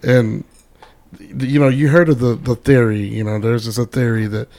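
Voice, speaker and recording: Gravelly man rambling in casual chat. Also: medium pitch, steady tone, a little mellow. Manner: rambling, halting restarts. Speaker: podcast co-host.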